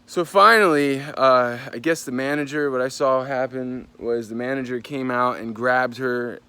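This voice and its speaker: A man rants his way through a story to the camera, swearing freely and animatedly. His voice sits at an ordinary middle pitch, and he keeps jumping into other people's voices to quote them. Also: moderate pace, smooth, dry recording. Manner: animated, profane, jumps into voices when quoting people. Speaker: vlogger. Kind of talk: casual storytelling rant.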